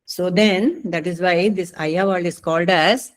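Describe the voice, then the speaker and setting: A woman giving a talk, telling a story in an animated way with many fillers and asides. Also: lowish voice, measured pace, low-quality recording. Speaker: speaker.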